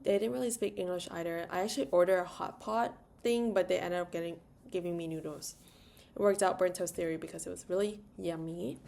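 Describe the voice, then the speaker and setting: Young woman talking travel story, lots of likes, kinda low voice, just chatting to camera. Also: fairly even intonation, fairly quick, gravelly, a little mellow, slight background noise. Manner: rambling, filler-heavy, chatty; sings "la la" to herself. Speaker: travel vlogger. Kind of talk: casual storytime vlog.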